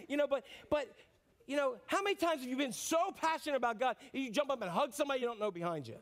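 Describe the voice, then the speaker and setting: High-voiced animated male pastor. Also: racing. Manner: animated, rambling, self-mocking sermon with many restarts. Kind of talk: sermon.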